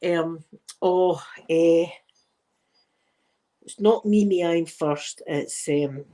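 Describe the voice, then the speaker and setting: A woman's voice: on the low side, drawn-out words, mellow. A woman with a Scottish accent chatting casually with her viewers from her living room, telling stories and laughing often. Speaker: live chat host.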